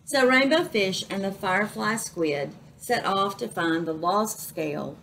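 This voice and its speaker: A woman reading a children's picture book aloud as a librarian, slow and expressive. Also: mid-range voice, slight background noise, poor audio. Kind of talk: children's story read-aloud.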